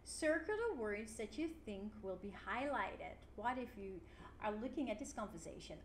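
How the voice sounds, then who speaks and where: A woman teaching an English lesson online, clear and encouraging, with frequent "yeah" fillers. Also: mid-range voice, expressive, moderate pace. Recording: roomy with faint noise.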